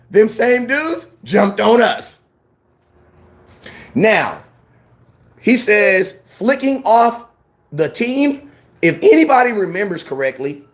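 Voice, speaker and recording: A man hosting a sports fan channel, ranting his opinions in a blunt, slangy, animated way. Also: sits high. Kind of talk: fired-up sports opinion rant.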